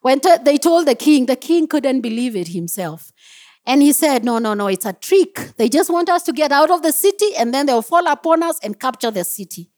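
At a normal speed, this woman preacher's high voice swoops up and down as she delivers her sermon in church. Her energy never drops: she laughs at herself when she stumbles and shouts out in joy.

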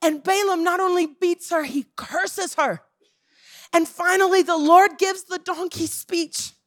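A woman's voice: very high voice, fairly even intonation, a little slow. A woman preaching a sermon, emphatic and calling out to the congregation as church.

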